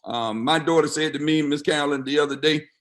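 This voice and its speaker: A man's voice: a little high, brisk, a bit bright. A middle-aged man, a pastor, talking to his congregation over a video call in a folksy, emphatic way, repeating phrases for effect. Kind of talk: casual church talk.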